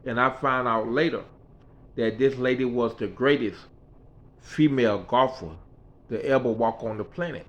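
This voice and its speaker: A man's voice: medium pitch, normal speed, a bit bright. A man casually telling a personal story in a rambling, folksy way that often repeats itself. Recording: dull lo-fi recording.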